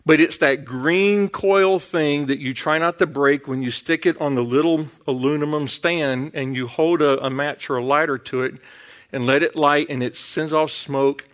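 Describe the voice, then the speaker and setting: A man's voice: fairly high pitch, moderate pace. A middle-aged man preaching a sermon in a folksy storytelling way, calling out "Amen?" and "Hallelujah.". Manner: storytelling, folksy, with 'Amen?' and 'Hallelujah'.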